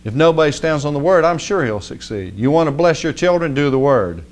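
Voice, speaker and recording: Male preacher, folksy conversational sermon, slightly high voice, swings from hushed to emphatic. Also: a little fast. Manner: animated, rising to emphatic outbursts.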